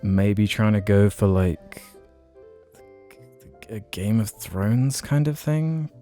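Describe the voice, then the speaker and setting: A man's voice: on the low side, animated, slow pace, mellow, faint music behind. A man co-hosting a casual podcast, rambling with lots of fillers as he chats and reads out listener questions. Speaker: podcast co-host.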